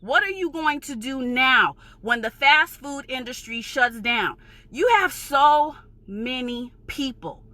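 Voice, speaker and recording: New york lady going off in a vlog, high bright voice, cussing, passionate not angry. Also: expressive, slow pace, dry recording. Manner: heated, emphatic and profane, insisting she is passionate, not angry. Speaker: vlogger. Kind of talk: ranting vlog.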